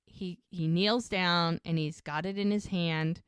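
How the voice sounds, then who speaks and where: A woman co-hosting a casual recap podcast, retelling scenes in an animated way and acting out the characters' lines. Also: on the low side, a little slow, clear, resonant tone, no room sound, clean studio sound. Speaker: podcast co-host.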